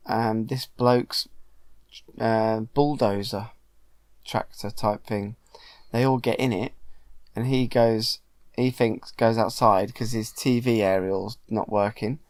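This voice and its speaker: Man, dad, relaxed storytelling, slow pace, hesitant, dry close sound. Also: fairly low pitch, no echo. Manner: chatty, animated, hesitant with ums. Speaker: father retelling a film to his child. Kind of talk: casual storytelling.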